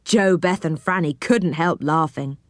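A woman narrating a children's storybook in a gentle, expressive manner. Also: sits low, unhurried, no echo, studio quality.

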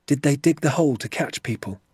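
A man voicing a frightened young boy who calls out and pleads for his father in a high, strained voice. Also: a little fast, darkish tone, breathy edge, no echo, clean studio sound. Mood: anxious.

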